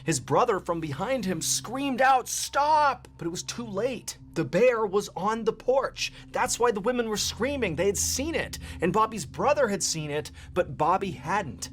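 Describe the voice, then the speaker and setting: A man narrating a scripted story with suspense, slowing down and dropping low at tense moments. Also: animated. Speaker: storyteller in a played video.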